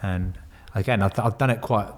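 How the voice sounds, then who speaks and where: Bloke, low-ish voice, swears a lot telling old stories. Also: male voice, moderate pace. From Bristol, England. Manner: swears freely, laughs through stories. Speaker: podcast guest, former Royal Marine. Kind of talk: casual storytelling.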